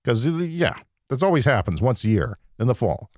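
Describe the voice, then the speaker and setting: A man hosting a podcast, delivering an agitated, profane comedic rant that swings between loud outbursts and low muttering. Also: sing-song, normal speed, no echo, clean studio sound. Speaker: podcast host. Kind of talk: ranting comedic monologue.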